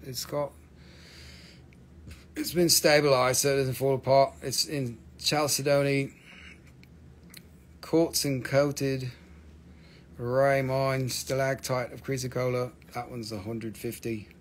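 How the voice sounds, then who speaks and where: A man's voice: mid-range voice, level tone, takes it slowly, long pauses, a little hiss or hum. A man hosting a live stream that sells minerals, talking casually with lots of swearing, ranting and then joking.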